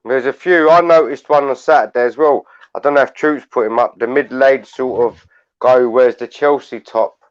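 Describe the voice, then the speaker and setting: A man's voice: medium pitch, moderate pace. A man hosting a live panel chat, rambling bluntly and swearing. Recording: dull lo-fi online audio.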